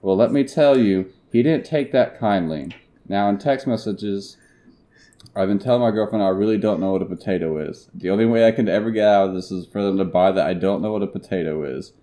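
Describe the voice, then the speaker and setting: Young male podcast host, low and dark-toned, deadpan story reader. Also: a little fast. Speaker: podcast host reading internet stories. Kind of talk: casual podcast chat and story reading.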